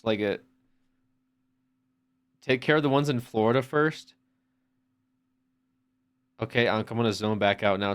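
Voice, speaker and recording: A man's voice: mid-range voice, animated, fairly quick, pauses often. A man streaming from home, chatting casually in a rambling way with lots of restarts and swearing. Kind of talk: casual chat.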